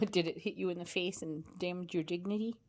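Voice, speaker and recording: A woman's voice: lowish voice, steady tone, a little fast. A woman talking to her pet bird in affectionate baby talk, often laughing and slipping into whispers. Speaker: pet owner.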